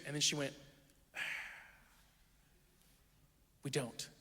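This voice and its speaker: A young male pastor delivers his sermon with a high, bright voice. He tells stories about himself with animated, self-deprecating humor. His voice carries a long reverb from a church auditorium. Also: fairly quick, slight background noise. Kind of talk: sermon with storytelling.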